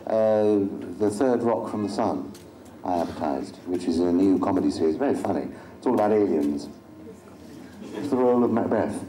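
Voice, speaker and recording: A man's voice: sits low, expressive, moderate pace, warm tone. A middle-aged man joking wryly as a convention panel guest before an audience. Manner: wry, dry self-mocking humor. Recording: echoey hall with crowd noise.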